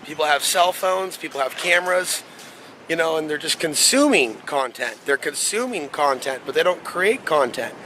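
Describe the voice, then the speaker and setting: With a slightly high, pushed and bright voice, a man in his thirties talks animatedly at normal speed to his camera while walking city streets for a tour vlog, rambling casually. The rough recording from the handheld camera mic picks up outdoor city noise and traffic.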